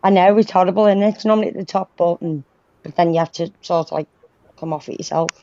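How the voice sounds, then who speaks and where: A woman's voice: lowish voice, fast, mellow, slight background noise. A woman chatting on a livestream video call from her phone, swearing freely and telling stories. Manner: swears freely, tells stories with quoted voices. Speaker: livestream co-host. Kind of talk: casual banter on a group video call. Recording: dry, dull phone-call audio.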